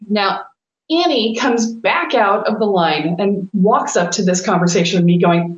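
A woman's voice: mid-range voice, normal speed. A middle-aged woman co-hosting a talk, telling a story with lots of animation and laughter and acting out what she once said. Her voice sits in a roomy space, and the recording is a bit dull and lo-fi. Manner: animated, laughing, quotes herself with swearing. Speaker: spiritual coach and podcast co-host. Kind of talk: casual storytelling chat.

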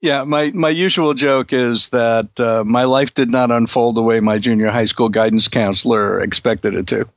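Older gravelly man hosting an interview. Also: mid-range voice, dry recording. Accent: New York. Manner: relaxed, joking, halting with fillers. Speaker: interview host. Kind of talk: casual chat. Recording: dull lo-fi dry sound.

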